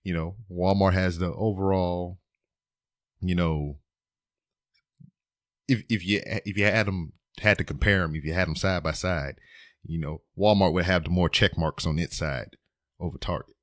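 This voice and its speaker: Low-ish guy rambling on his home podcast, dry close mic, joking around. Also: fairly even intonation, moderate pace, pauses often, dry recording. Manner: rambling, playful, self-deprecating asides. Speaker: podcast host. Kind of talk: casual solo podcast monologue.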